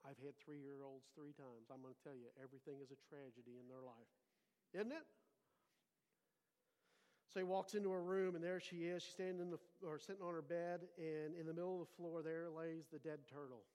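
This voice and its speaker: A middle-aged man preaching a sermon in a church, telling a story with animated swings between loud emphasis and quiet asides. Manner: animated storyteller, rising loud for emphasis then dropping low. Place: church sanctuary. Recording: long hall reverb.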